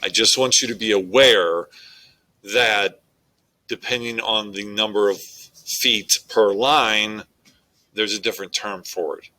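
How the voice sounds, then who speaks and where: A man's voice: lowish voice, fairly even intonation, slow, bright, forceful tone, poor audio. A male English teacher giving a methodical, explanatory recorded lecture on poetry.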